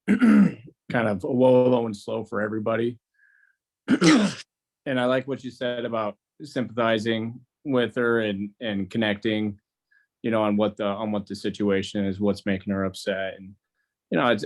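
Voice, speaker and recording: A man offering advice in a parenting group, hesitant with many fillers and throat-clearing. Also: lowish voice, a little mellow. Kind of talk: casual group discussion.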